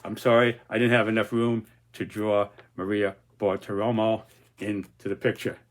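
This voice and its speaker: A man's voice: fairly low pitch, level tone, moderate pace. A man presenting his own political cartoons in casual, rambling commentary, full of restarts and fillers.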